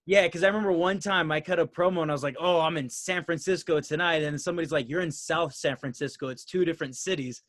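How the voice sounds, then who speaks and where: Laid-back young wrestler telling stories. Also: male voice, fairly high pitch, fast talker, few pauses, fairly bright tone, dry recording, clean studio sound. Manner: laid-back anecdotal storyteller, says "bro". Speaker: professional wrestler, guest. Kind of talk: casual chat.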